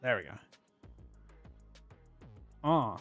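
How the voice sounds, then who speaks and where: A man's voice: medium pitch, sing-song, drawn-out words, fairly bright tone, faint music behind. A man hosting a casual live stream, talking loosely and swearing as he reads and answers chat messages.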